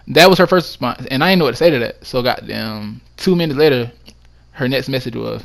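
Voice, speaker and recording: A man vlogger telling a personal story in a casual monologue, emphatic and excitable, with frequent swearing. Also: medium pitch, a little fast, gravelly.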